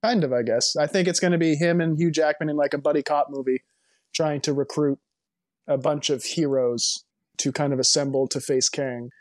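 Man, podcast co-host, slightly high voice, dry close sound; chatty and opinionated. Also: fairly even intonation, normal speed, a little mellow, no echo. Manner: rambling, emphatic, full of restarts and opinions. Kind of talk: casual movie podcast chat.

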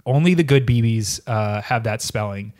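A man's voice: mid-range voice, moderate pace, a little mellow. A man hosting a podcast in casual chat, with a sarcastic, joking manner. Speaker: podcast host.

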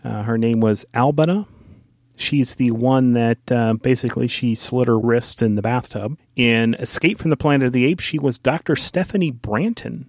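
A man's voice: medium pitch, moderate pace, a little mellow, dry recording. Informative male podcast co-host, dry sound. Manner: informative, explains details at length. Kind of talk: casual film discussion.

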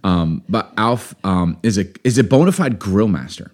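A man with a very low voice hosts a podcast with his wife. He talks in a loose, rambling way and slips in small jokes. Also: moderate pace. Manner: relaxed, rambling, joking. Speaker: podcast co-host. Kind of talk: casual podcast chat.

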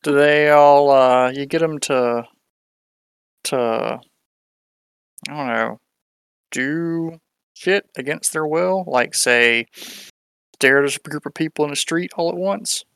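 A man with a gravelly but smooth voice plays a character in a tabletop role-playing game. He rambles through his lines with many fillers. The sound is dry and close. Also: a little high, slow pace, long pauses, a bit bright, no echo. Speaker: player. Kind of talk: casual tabletop play.

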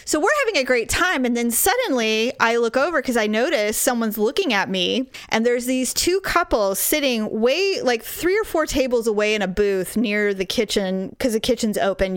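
A middle-aged woman telling a story in casual chat, animated and profane, acting out what people said. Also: fairly high pitch, dry recording, clean studio sound.

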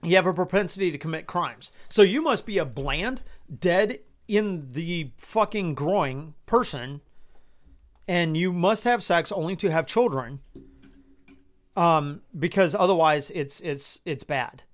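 A man's voice: fairly high pitch, animated, measured pace. A man hosting a personal podcast, speaking in exasperated, incredulous tones, swearing often and restarting his sentences. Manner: incredulous rhetorical questions. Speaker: podcast host.

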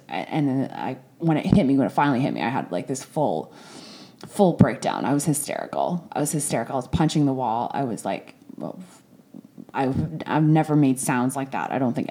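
A woman with a low, dark and mellow voice speaks openly about a hard personal experience. She is frank, swears freely and often restarts her sentences, with raw emotion close beneath the surface. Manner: emotional, at times near tears. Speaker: storyteller recounting a family crisis. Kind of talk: candid personal monologue.

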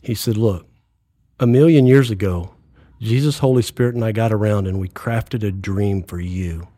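Guest: man in his 60s, earnest testimony, mellow husky voice, dry sound. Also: lowish voice, moderate pace, no echo. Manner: earnest, acts out quoted dialogue. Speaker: podcast guest. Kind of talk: faith testimony in interview.

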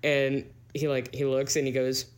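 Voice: mid-range voice, level tone, normal speed, clear, resonant tone. A podcast co-host in their twenties, telling stories in casual chat, full of fillers and swearing. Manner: storytelling, lots of fillers and swearing.

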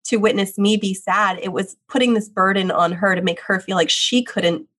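A woman's voice: medium pitch, steady tone, normal speed, a bit bright. A woman, a widowed mother and children's book author, answering interview questions in an earnest, open way. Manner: earnest, open, repeats phrases like "the reality is".

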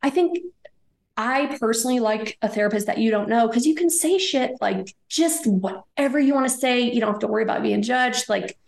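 A woman's voice: fairly high pitch, brisk, creaky, echoey room. A woman, probably in her thirties, telling an emotional personal story in an interview, rambling with many "like"s and "you know"s. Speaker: guest.

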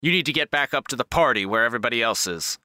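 A man's voice: medium pitch, lively intonation, very fast, bright, forceful tone, dry recording, studio quality. A man voicing a skinny, jowly male head chef who scolds intruders out of his kitchen. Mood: scolding. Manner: huffy, indignant scolding.

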